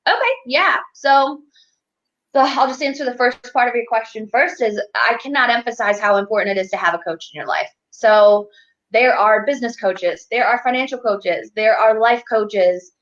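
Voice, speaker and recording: A woman's voice: on the high side, moderate pace, a bit bright. A woman speaking as a guest, a financial advocate and life coach, talking candidly and motivationally over a video call. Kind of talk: casual interview conversation. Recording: dull lo-fi video call audio.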